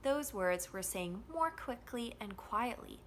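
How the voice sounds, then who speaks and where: A woman teaching an English pronunciation lesson, modeling stress and rhythm with slow, deliberate phrasing. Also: on the high side, animated, a bit bright, a little hiss or hum.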